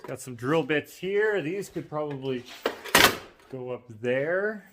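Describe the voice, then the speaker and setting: A man's voice: fairly high pitch, animated, slow pace, heavy background noise. A man vlogging casually in his woodworking shop, rambling with lots of fillers and self-deprecating asides.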